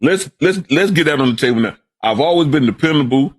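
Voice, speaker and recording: Older new guy, kinda high voice, stutters and repeats himself, does voices for people in his stories. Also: fast talker. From Brooklyn, New York. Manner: stammering repeats, animated voices for quoted people. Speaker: guest, host's father. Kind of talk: storytelling in casual conversation.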